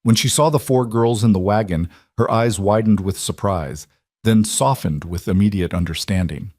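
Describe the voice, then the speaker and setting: A man narrates a frontier story with a steady, dramatic pace. His voice sits on the low side. It is recorded close and dry, with no room sound. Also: normal speed, no room sound.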